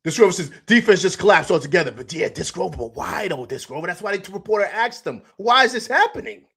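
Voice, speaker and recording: A man hosts a live sports reaction stream in a loose, chatty way. His voice sits a bit high for a man, and he repeats himself and laughs a lot. He stops now and then to read viewer comments aloud. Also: expressive, quick pace, gravelly, slightly rough. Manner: reads out chat comments. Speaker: sports talk show host.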